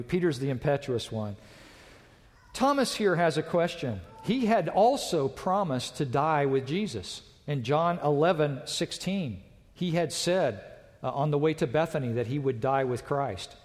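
A man preaching a sermon to a congregation, dramatic, rising loud and dropping to a hush. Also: on the high side, big pitch swings, normal speed. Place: church with a balcony. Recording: long reverb of a large church.

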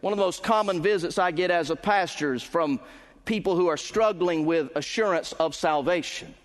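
A male pastor preaching a sermon with emphatic delivery, building louder and higher at climaxes and slowing on key words. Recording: long reverb of a large hall.

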